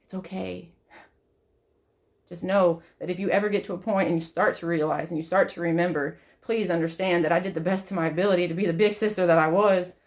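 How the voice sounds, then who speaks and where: A woman talking straight to camera in an emotional personal monologue, swearing often, repeating herself, and swinging from loud outbursts to soft, quiet pleading. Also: lowish voice, fairly even intonation, brisk. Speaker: vlogger.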